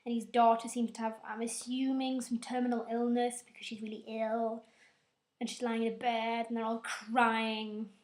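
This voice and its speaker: A young woman talks through a film plot at home, loose and conversational. Her voice sits a little on the high side, and she keeps tossing in self-mocking, sarcastic asides. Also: level tone, moderate pace, a little mellow. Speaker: video reviewer. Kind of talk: casual rambling film recap.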